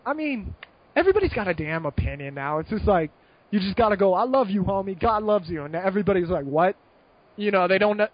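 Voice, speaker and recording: A young American man telling a long story in a casual podcast chat, rambling and animated, with many fillers and restarts. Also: high voice, highs cut off. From United States. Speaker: guest.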